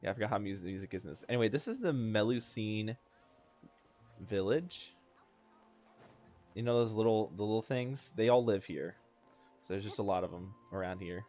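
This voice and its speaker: Man, lower voice, casual let's-play host, rambly and self-deprecating, faint game music underneath. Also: moderate pace, pauses often, a little mellow. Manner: rambling, chatty, self-deprecating, laughs often. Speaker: gaming video host.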